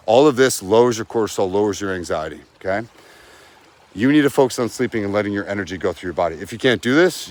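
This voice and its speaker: A man giving blunt, profane, emphatic breakup advice as a coach in a vlog. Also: lowish voice. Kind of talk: direct-to-camera advice vlog.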